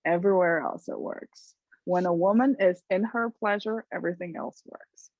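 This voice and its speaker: A woman hosting a talk show, chatting casually and telling stories with lively acted-out voices. Her pitch sits in the middle range for a woman. The sound is dry and dead, with a slightly muffled top end. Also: normal speed, dry recording. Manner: animated storyteller who acts out voices. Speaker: host.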